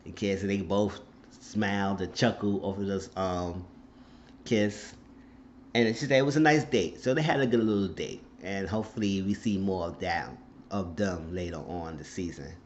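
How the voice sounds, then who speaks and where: A man with a fairly low voice talks through a TV episode in a loose, indignant way, cursing freely. The recording is dull and lo-fi with a faint noise underneath. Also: moderate pace. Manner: outspoken, profane, indignant. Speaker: recap vlogger. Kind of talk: casual TV episode recap.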